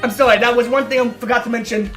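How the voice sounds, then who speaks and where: A man giving excited, breathless reaction commentary on a show, gushing and swearing with stammered restarts. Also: very high voice, racing. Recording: roomy room, faint music behind.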